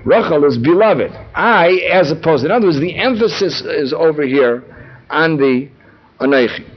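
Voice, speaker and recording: A man's voice: a little high, animated, normal speed, breathy edge. A man teaching a text study lesson, explaining word meanings and repeating key phrases for emphasis. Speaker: Torah teacher. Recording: dull lo-fi recording.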